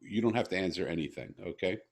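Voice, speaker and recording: A man's voice: deep voice, lively intonation, quick pace, darkish tone. A middle-aged man hosting a heartfelt interview, telling stories earnestly and often restarting his sentences. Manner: earnest, emotional storyteller with frequent restarts. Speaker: podcast host.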